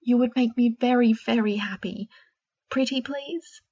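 Woman doing young schoolgirl, sweet, pleading, breathy half-whisper, muffled sound. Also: on the high side, a little slow, warm tone.

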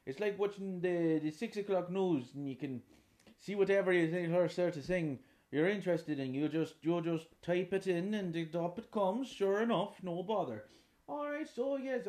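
A man's voice: sits high, animated, moderate pace, darkish tone, pitched above the performer's own voice. A man voicing an old rural Irish farmer with a Northern Irish accent, rambling, crude and bewildered by the internet. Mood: bemused. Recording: roomy echoing room.

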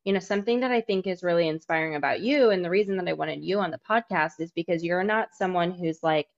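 Low-voiced woman podcast host, lo-fi. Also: fast. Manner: candid, chatty, swears casually. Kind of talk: casual podcast interview. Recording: dull lo-fi audio.

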